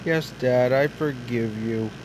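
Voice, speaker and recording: A man's voice: mid-range voice, slow, noisy background, voice pushed down, close to an everyday voice. A man voicing a young male toy truck who is guilty and anxious, stammering through apologies in a hobby toy drama. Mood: apologetic.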